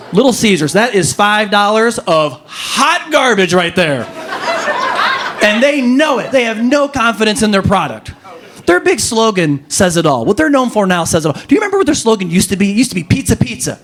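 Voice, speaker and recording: A man performing a stand-up comedy set, telling stories with animated, rising punchlines. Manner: animated storytelling, jumps to high pitch for punchlines.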